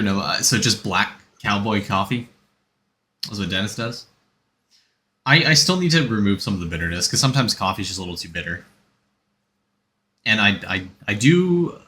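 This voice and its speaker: A man's voice: on the low side, bright, forceful tone. A man streaming a game, chatting casually and rambling as he answers chat and gives game tips.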